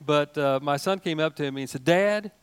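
Older man, pastor, folksy joking sermon, slightly higher voice. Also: normal speed, smooth. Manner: folksy and animated, with jokes and asides.

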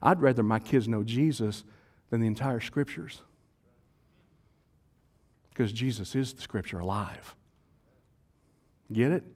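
A male pastor preaching a sermon in a church service, animated and conversational, quizzing his congregation and joking with them. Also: mid-range voice, measured pace, long pauses.

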